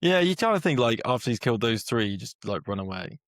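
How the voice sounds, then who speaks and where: A man with an average-pitched voice joins a podcast conversation, dropping in quick ideas in a relaxed way. The recording is close and dry. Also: dry recording. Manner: chipping in with quick suggestions. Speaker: podcast co-host. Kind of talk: casual chat.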